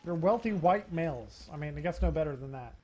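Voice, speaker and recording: A man streaming a video game, chatting casually, swearing and reacting out loud as he plays. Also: a little high, expressive, brisk, a little hiss or hum. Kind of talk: casual gameplay commentary.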